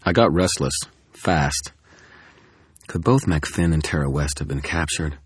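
A man giving steady, grim first-person audiobook narration. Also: very deep voice, a little slow, slightly rough, no echo, studio quality.

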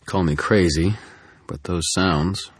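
A male narrator tells a first-person story in a steady, dry manner. His voice is extremely deep with a husky grain. The recording is dry and close to the mic. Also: slow, dry recording. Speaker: audiobook narrator.

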